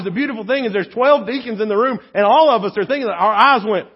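A man's voice: high-pitched, quick pace, hardly any pauses, slightly rough, muffled recording. A pastor preaching a sermon in an earnest, joking storytelling way, often repeating words as he goes.

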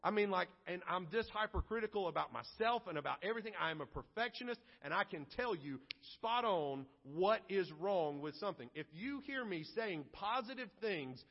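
High-voiced pastor preaching in a reverberant hall. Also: male voice, a little fast, hardly any pauses. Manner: animated, acts out grumbling voices in his preaching. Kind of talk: sermon. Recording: lo-fi recording with long hall reverb.

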